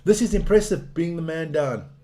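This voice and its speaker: A man giving casual live rugby commentary, excitable and blunt, swearing at the referees. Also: on the high side, normal speed. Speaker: watch-along rugby commentator.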